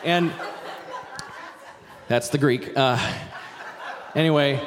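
A middle-aged man preaching a sermon, telling a story in an animated, rambling way with asides. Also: medium pitch, takes it slowly, big-room sound, a crowd in the background, noisy background. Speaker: pastor. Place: church sanctuary.

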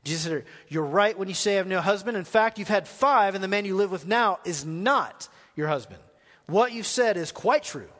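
A man's voice: high-pitched, expressive, fairly quick, fairly bright tone, big-room sound. A man preaching a live sermon as pastor, asking the congregation questions as he goes. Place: church hall.

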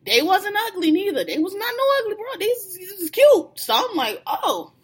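A woman tells a story in a loose, casual chat. Her voice sits high and swings wide, and she acts out every quoted line with a laugh close behind. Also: sing-song, normal speed.

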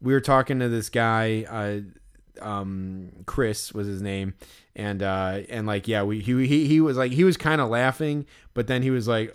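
A man's voice: fairly low pitch, normal speed, clean tone. A young man co-hosting a podcast, telling a story in casual chat. He rambles and fills his speech with filler words. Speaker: podcast co-host.

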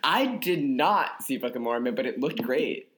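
A man's voice: medium pitch, lively intonation, a bit bright. A man co-hosting a podcast in a casual comedic chat, playful and goofy, riffing and stretching words out. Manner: playful, goofy, drawn-out riffs. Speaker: podcast co-host.

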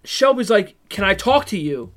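A man's voice: high-pitched, very animated, moderate pace, a bit bright. Young man, profane casual retelling. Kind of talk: casual storytelling chat.

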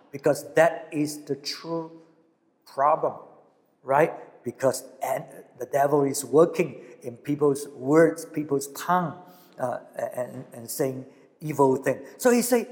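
Man, preacher, bilingual sermon, earnest, repeats phrases, slow scripture reading, high voice. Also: big-room sound.

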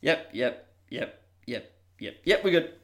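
Swearing, rambling man pitching a story. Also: animated, slow pace, fairly bright tone. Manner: rambling, swears, laughs while telling. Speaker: podcast co-host. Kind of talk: casual chat, retelling a film pitch.

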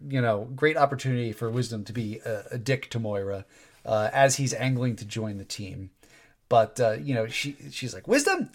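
A man co-hosting a casual podcast chat. His delivery rambles and restarts, with wry asides thrown in. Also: mid-range voice. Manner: rambling, wry, self-interrupting. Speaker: podcast co-host.

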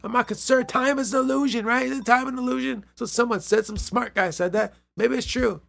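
A man's voice: very high-pitched, a little fast, vocal fry, a bit bright, soft background music. A man hosting a casual solo podcast, playful and rambling, repeating phrases and laughing at his own jokes. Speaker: podcast host.

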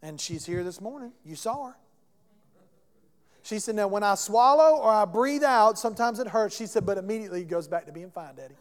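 With a voice that sits high, expressive and a little fast, a pastor preaches a sermon in a church sanctuary. He spins a story conversationally and poses questions to the congregation, recorded with long church hall reverb.

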